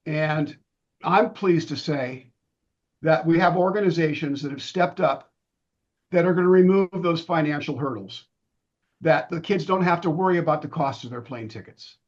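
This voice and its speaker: A middle-aged man losing his voice, giving a relaxed presentation with many ums and restarts over a video call. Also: fairly high pitch, moderate pace. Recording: dull lo-fi video-call audio.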